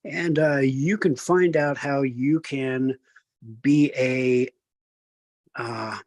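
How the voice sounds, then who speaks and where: A man's voice: medium pitch, no room sound. An older man hosting a talk show, reading sponsors in a rambling, self-deprecating way with lots of fillers. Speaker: radio host.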